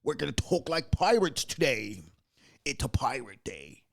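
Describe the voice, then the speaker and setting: A man's voice: medium pitch, sing-song, measured pace, vocal fry, a bit bright. A man hosting a solo podcast, reading ad and holiday copy aloud, stumbling over words, laughing at himself and swearing offhand. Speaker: podcast host.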